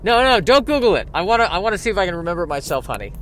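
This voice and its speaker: A chatty, rambling husband on his way out for milk, as a man puts him on, pitched well above an ordinary speaking voice. He talks loudly and keeps fumbling for a name he can't quite remember. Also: very animated, very fast, slight background noise.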